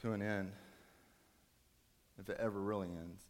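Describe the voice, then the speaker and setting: A man preaching a sermon, telling a story dramatically, rising to urgent raised passages and dropping to hushed soft ones. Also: fairly low pitch, fairly even intonation, normal speed.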